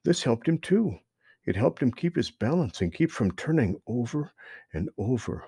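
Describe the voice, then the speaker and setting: A man reading a children's animal story aloud in an expressive storytelling voice. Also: medium pitch, normal speed, gravelly, slightly rough, dry recording, clean studio sound.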